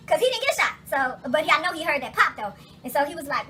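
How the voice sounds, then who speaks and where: A woman vlogging casually from her kitchen, telling stories in a profane, animated way full of asides. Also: sits high, fast, hardly any pauses, a little hiss or hum. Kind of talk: casual kitchen vlog chat. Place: home kitchen.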